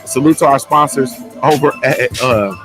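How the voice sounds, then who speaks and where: A man from Ohio hosting a casual boxing talk stream, with loose, repetitive, slangy delivery and shout-outs. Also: mid-range voice, moderate pace, music in the background. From Ohio, USA. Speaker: boxing show host.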